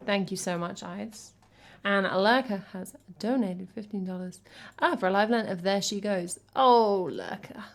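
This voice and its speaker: A woman's voice: mid-range voice, moderate pace, hardly any pauses. An English woman from England, a music streamer chatting casually between songs, reading chat and thanking viewers in a chatty, self-deprecating way.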